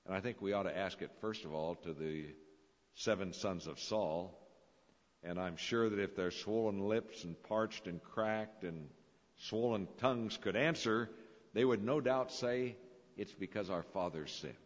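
A man's voice: low-pitched, a little slow. A man preaching a sermon, telling stories with dramatic, swelling emphasis. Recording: dull lo-fi recording in a reverberant hall.

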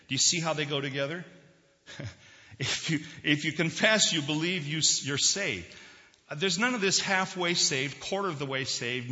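A male pastor delivers a sermon in a bright, forceful voice and keeps quizzing his congregation. The recording is dull and lo-fi, with a long church reverb around him. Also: medium pitch, normal speed. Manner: conversational, questions the congregation. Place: church sanctuary.

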